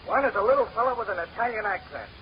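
An actor playing a gruff, bossy, suspicious ship officer in 1930s radio comedy. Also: male voice, high voice, animated, rapid-fire, slight background noise. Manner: gruff, bossy, barking orders. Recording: muffled 1930s radio recording.

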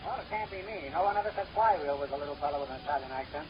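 Man playing a wisecracking con man, rattles off puns super fast, hissy old radio recording. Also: fairly high pitch, lo-fi sound, close to an everyday voice. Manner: rapid deadpan wisecracks and puns. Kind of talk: 1930s radio comedy acting.

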